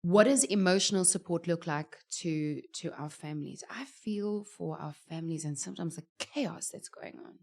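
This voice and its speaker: A woman's voice: lowish voice, normal speed, creaky, hardly any pauses. A woman with a South African English accent, hosting a panel discussion and asking curious questions. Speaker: host.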